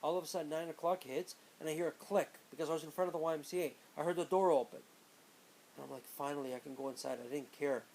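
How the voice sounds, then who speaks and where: Animated man telling a personal story. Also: fairly high pitch, fast, slight background noise, low-quality recording. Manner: animated, acts out quoted friends in raised voices.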